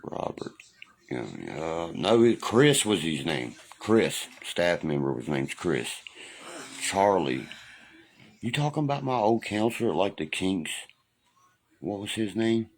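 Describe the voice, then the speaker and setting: A man hosts a casual livestream, swearing freely as he tells old stories. His voice sits very low and rough with a gravelly fry, and he often gets louder for quoted lines. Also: very animated, a little slow. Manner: profane, loud storytelling, reads and answers comments. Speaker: livestream host. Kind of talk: casual livestream chat, reminiscing. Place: home livestream.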